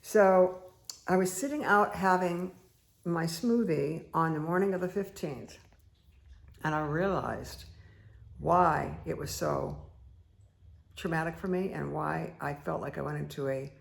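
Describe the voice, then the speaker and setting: Woman meditation host, heavy vocal fry, chatty storyteller who rambles with lots of fillers. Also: low voice, unhurried, long pauses. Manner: rambling, many fillers and asides. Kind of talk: casual personal storytelling.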